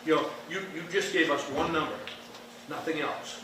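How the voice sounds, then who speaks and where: A man's voice: a little high, normal speed. A man giving public comment at a meeting, blunt and scolding. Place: large meeting room. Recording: echoey hall, far mic, loud background noise.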